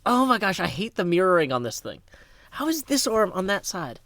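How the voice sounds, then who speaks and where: A man from Tennessee talks loosely on his game stream, rambling, joking, and thanking donors as he plays. He has a high, very animated voice that is a bit bright and fairly quick, with no echo in the sound.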